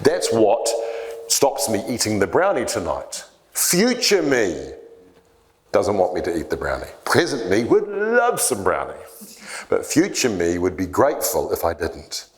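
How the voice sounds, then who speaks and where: Man, church leadership talk, low voice, lively swinging intonation, storyteller. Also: measured pace. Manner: animated storyteller acting out quoted voices. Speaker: church leader teaching discipleship.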